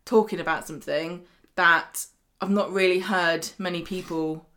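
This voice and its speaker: A woman co-hosting a casual chat, retelling soap scenes with lively quoted voices. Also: on the low side, moderate pace. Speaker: podcast co-host.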